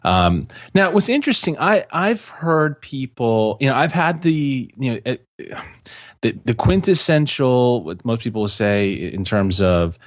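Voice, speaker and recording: A man's voice: mid-range voice, animated, measured pace, no echo, clean studio sound. A man co-hosting a casual podcast chat, rambling with lots of fillers and restarts. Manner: rambling, many fillers and restarts, laughs easily. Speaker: podcast co-host.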